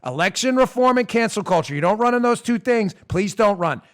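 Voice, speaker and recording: A man with a fairly high speaking voice hosts a political talk show. He is animated and emphatic, hammering home his points and breaking into laughter. He talks straight to his listeners and now and then turns to his producer. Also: brisk. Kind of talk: opinionated monologue.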